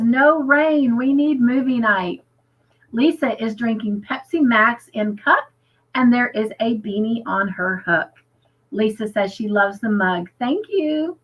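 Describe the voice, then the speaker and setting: A woman's voice: fairly high pitch, muffled recording. An American woman hosting a casual livestream chat, upbeat and chatty, reading viewer comments aloud. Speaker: livestream host.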